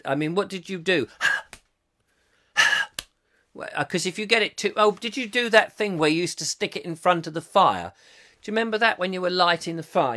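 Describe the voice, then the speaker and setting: A man's voice: a little high, pushed and bright. A man hosting a comic live chat show, rambling in a jokey way and reading out viewer comments as they come in. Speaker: host.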